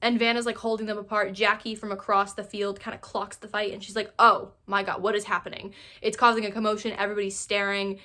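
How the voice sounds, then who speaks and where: A woman at a mid pitch, recapping a TV season in a loose, gossipy way. She leans on fillers and slips into quick acted-out versions of the characters' lines, then drops back into plain storytelling. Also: level tone, bright, forceful tone. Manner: chatty, filler-heavy, acts out characters' lines. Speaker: recap YouTuber. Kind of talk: casual narrated TV recap.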